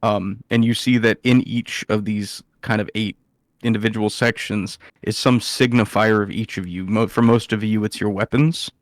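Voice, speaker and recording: A man's voice: fairly low pitch, steady tone, moderate pace, no echo, studio quality. A man narrating as game master, hesitant with many fillers.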